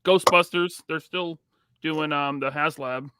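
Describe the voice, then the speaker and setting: A man's voice: a little high, fairly even intonation, unhurried, sharp tone. A man co-hosting a podcast, casually reading out viewer comments and teasing his co-host.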